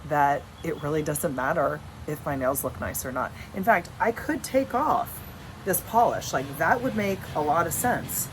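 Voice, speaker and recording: A woman in her thirties talks straight to camera in a loose, chatty vlog, frank and unbothered, dropping the odd swear. Her voice sits on the lower side, and a faint hum of the house can be heard behind her. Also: expressive, normal speed. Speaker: vlogger and coach. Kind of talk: casual direct-to-camera vlog. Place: at home with dogs.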